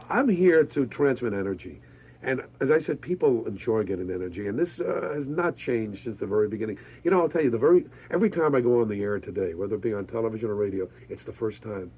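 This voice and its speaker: New guy in his 50s, husky voice, super energetic storyteller, interview guest. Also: mid-range voice, poor audio. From Brooklyn, New York. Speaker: radio disc jockey, guest. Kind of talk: interview conversation.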